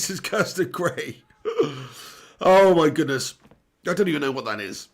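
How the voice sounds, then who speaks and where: Brief: young English man hosting a live football watch-along, blunt and chatty, hoarse from strep throat. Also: on the high side, very animated, measured pace. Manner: chatty, blunt, reads out viewer comments. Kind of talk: live casual commentary reading chat.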